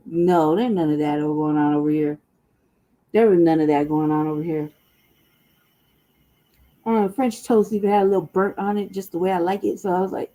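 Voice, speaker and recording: A woman's voice: on the low side, animated, moderate pace, long pauses, warm tone. A woman from the American South co-hosting a podcast, telling stories in casual, profane chat and laughing often. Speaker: podcast co-host.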